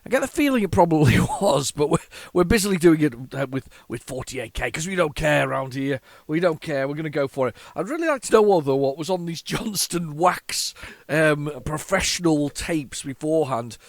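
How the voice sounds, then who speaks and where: A man's voice: a little high, lively intonation, moderate pace, creaky, no echo. A man hosting a retro gaming video, rambling chattily with many fillers and restarts as he shows old game tapes. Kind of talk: casual chat while showing old game tapes.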